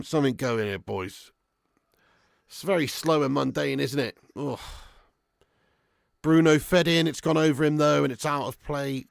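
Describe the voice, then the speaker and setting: A man runs a live football watch-along, calling the play and answering viewers. His voice sits high and carries a gravelly rasp, picked up by a close mic in a dry, dead room. He swears freely and swings from loud outbursts to flat moaning. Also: dry recording. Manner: swears a lot, swings between excited shouting and flat grumbling. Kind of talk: live match commentary and fan chat.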